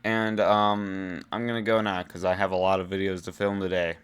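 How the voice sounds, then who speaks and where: A man's voice: deep voice, flat delivery, normal speed, fairly bright tone, a little hiss or hum. A man reading out posts and reacting in disbelief, laughing and rambling with fillers in casual commentary.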